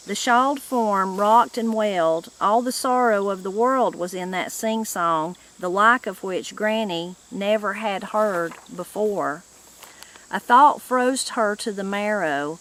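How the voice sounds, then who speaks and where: A woman hosting her channel, reading a novel aloud with measured storytelling. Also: medium pitch, fairly bright tone. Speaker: reader, channel host.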